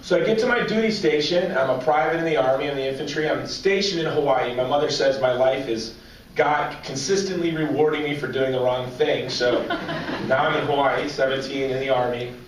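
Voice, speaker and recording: A man in his forties giving a humorous personal story speech at a banquet, as an animated, joking storyteller. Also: mid-range voice, fairly quick. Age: 40s. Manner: joking, animated storyteller drawing audience laughs. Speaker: banquet speaker. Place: large banquet hall with audience. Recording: echoey hall, distant mic, faint noise.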